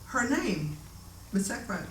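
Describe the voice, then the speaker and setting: A woman telling a story from her own life in a casual, animated way, often laughing and acting out the voices of the people in it. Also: mid-range voice, slow, a little hiss or hum. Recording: echoey room, voice a bit distant.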